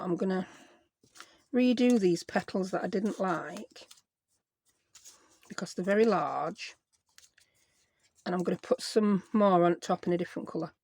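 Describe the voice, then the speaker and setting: A woman's voice: mid-range voice, a little mellow. A woman hosting a casual crafting vlog, chatty and self-deprecating, talking to herself as she works. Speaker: craft channel host.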